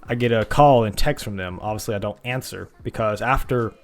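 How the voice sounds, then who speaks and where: A man's voice: lowish voice, a little fast, faint music behind. A man in his twenties co-hosting a podcast, rambling with lots of hesitations in a casual chat. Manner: rambling, hesitant, laughs often. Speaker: podcast co-host.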